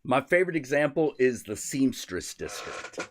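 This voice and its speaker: Streamer host, male, casual chat; hugely swooping pitch, profane and rambling. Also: big pitch swings, moderate pace, a little hiss or hum. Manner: swears constantly, rambling with restarts.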